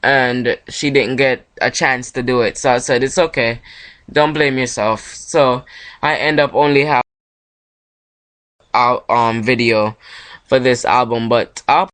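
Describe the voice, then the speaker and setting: A man's voice: medium pitch, steady tone, measured pace, fairly bright tone. Rambling young man from Jamaica. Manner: rambling, self-correcting, loose and chatty. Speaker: independent musician hosting his own podcast. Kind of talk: casual solo monologue.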